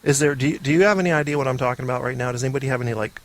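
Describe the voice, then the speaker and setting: A male podcast host who is under the weather, delivering a loose comedy monologue. He rambles and jokes at his own expense in a boisterous tone, with a voice of ordinary middle pitch. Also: racing. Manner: rambling, boisterous, self-mocking. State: sick.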